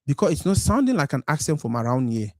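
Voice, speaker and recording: Very animated and quick, a man from Cameroon with a medium-pitched voice and a Cameroonian Pidgin English accent hosts a live stream. He mixes Pidgin and English in a casual monologue and acts out quoted voices, captured in studio quality with no echo.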